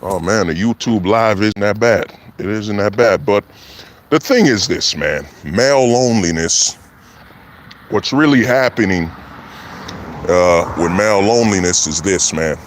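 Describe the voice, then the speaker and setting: A man hosting a livestream, giving a preachy, repetitive casual monologue. He keeps asking his listeners whether they follow him. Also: fairly low pitch. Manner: preachy, repetitive, keeps asking "you know what I'm saying". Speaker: livestream host.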